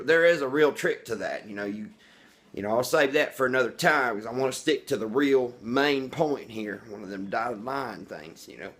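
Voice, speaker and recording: A brash redneck bragging straight into his vlog camera, as a man puts him on. He rambles from point to point, boasting crudely and calling himself by name in the third person. His voice sits at an ordinary middle pitch for a man. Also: fairly bright tone. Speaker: vlogger. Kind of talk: comedic character monologue.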